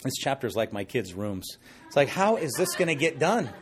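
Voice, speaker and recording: A middle-aged man preaching an expository sermon as pastor, conversational and animated, with jokey asides. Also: mid-range voice, normal speed.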